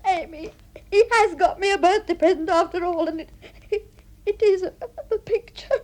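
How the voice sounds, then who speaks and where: An actress playing a sentimental, emotional wife in a vintage radio drama. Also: female voice, very high voice, moderate pace, darkish tone. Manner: fluttery, emotional. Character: sentimental, easily moved wife. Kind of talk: 1960s radio drama acting.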